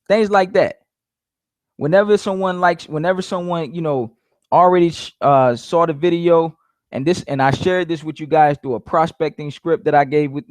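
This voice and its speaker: A man's voice: fairly high pitch, a little mellow, dry recording, clean studio sound. A man giving casual sales coaching, repeating his points emphatically and calling his listeners "guys". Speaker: network marketing coach.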